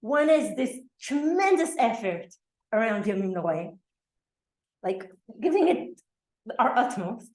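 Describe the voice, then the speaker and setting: A woman's voice: on the high side, sing-song, unhurried, a little mellow, reverberant. A woman teaching a Torah class in a conversational way, full of asides and checks with her listeners. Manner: conversational, with fillers and frequent asides. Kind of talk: lecture to a class.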